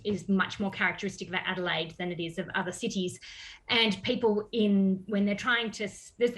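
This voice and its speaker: A woman with a voice of ordinary pitch for a woman, speaking as an expert guest on the radio. She explains in a measured, careful way, pausing to choose her words. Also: fairly bright tone, poor audio.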